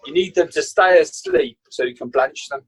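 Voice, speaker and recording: Animated storytelling man, Birmingham accent, husky voice, raised pitch. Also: normal speed, poor audio. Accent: Birmingham English. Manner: animated anecdote teller, acts out quotes. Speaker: chef guest. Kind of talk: casual storytelling.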